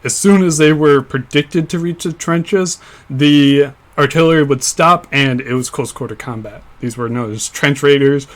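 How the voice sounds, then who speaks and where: A young man co-hosts a casual history podcast, explaining events at length with frequent fillers and restarts. His voice is fairly high-pitched and his pace moderate.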